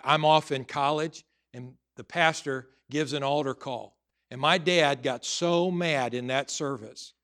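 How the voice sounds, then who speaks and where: A middle-aged pastor with a medium-pitched, slightly bright voice preaches a sermon, earnestly telling personal stories with frequent restarts and building up to emphatic exhortation.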